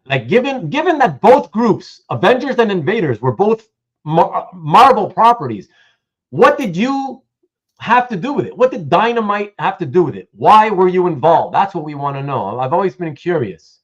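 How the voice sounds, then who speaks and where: A man's voice: on the high side, muffled recording. A man hosting a casual livestream, chatting with a guest and reading out viewer comments, with many restarts. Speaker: host.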